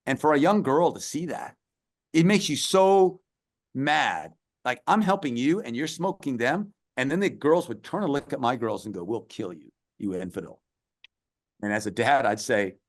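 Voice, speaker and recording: A middle-aged man, a podcast guest, telling a long story in an earnest, emphatic way. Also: mid-range voice. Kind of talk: storytelling interview.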